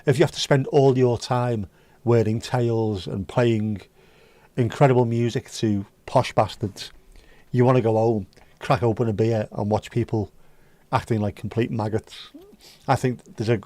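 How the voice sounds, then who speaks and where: A man's voice: medium pitch, fairly even intonation, a little slow, dark tone, dry recording. A man hosting a casual livestream, chatting with viewers in sweary, joking banter. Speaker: livestream host reading chat. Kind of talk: casual chat.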